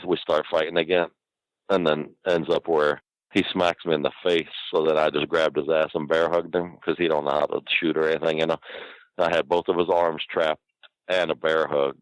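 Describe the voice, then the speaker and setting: An older man with a very low voice tells a long, profane story in a loose, rambling way. He laughs through his own lines. The recording is dry and close. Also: steady tone, a little fast, dry recording, low-quality recording. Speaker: guest. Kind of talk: casual anecdote telling.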